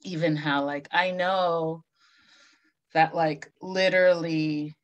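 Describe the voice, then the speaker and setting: Woman with a lowish voice, animated and candid, acts out quoted voices in a casual chat. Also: slow, dull audio. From Caribbean heritage, raised in the US.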